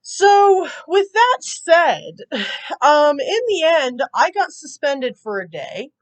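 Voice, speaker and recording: A woman's voice: high voice, very animated, takes it slowly. A young woman telling a storytime vlog in a chatty, rambling way, full of "like" and "you know," and amused as she retells it. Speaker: gaming YouTuber telling a storytime.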